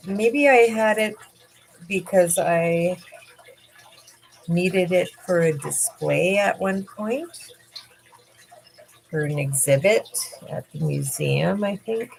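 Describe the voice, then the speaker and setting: A middle-aged woman hosting a casual livestream, talking in a halting way with many fillers and frequent laughs, tired and yawning. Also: lowish voice, vocal fry. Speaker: livestream host.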